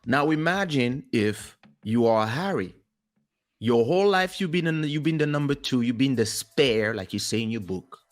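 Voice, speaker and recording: A podcast co-host whose first language is French speaks at medium pitch and a moderate pace. In casual chat, he tells stories with animation and acts out other people's lines in their voices.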